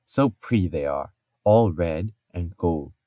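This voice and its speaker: A man's voice: low voice, animated, slow pace, mellow, no room sound, lo-fi sound. A man voicing a sly male trickster god in disguise as a bridesmaid, coaxing and wheedling.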